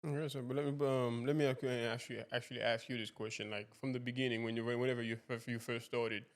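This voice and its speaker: Fast-talking, rambling podcast host. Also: male voice, mid-range voice, little pitch movement. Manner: rambling, repeats and restarts his questions. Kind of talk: casual interview.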